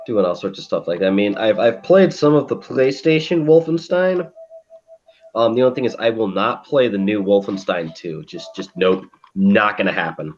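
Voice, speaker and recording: Profane, animated man telling a story. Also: lowish voice, moderate pace, highs cut off. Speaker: podcast co-host. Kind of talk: casual chat.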